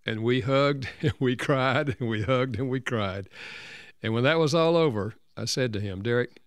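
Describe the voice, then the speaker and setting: An older man, a counselor and author, telling a personal story as an interview guest in an earnest, gentle way. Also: medium pitch, moderate pace, no room sound.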